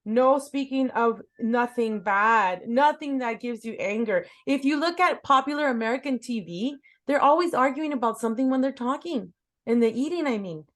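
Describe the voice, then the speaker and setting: A woman's voice: on the high side, expressive, moderate pace. A middle-aged woman hosting a casual chat interview, talking emphatically and repeating words for stress. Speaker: host.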